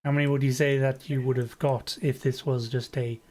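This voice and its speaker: A man narrating as game master for a tabletop game, relaxed with hesitant fillers. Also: medium pitch, a little fast.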